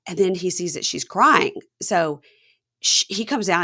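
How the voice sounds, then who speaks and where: Low-voiced woman recapping a show. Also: moderate pace, slightly rough. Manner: animated retelling, acting out the people in the scenes. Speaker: podcast host. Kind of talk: casual chat, recapping a reality show.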